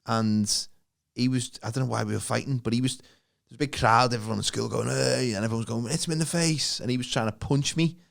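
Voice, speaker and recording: A man's voice: medium pitch, steady tone, brisk, vocal fry. A man, co-hosting a podcast, laid-back and laughing often while telling stories. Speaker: podcast co-host. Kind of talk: casual storytelling chat.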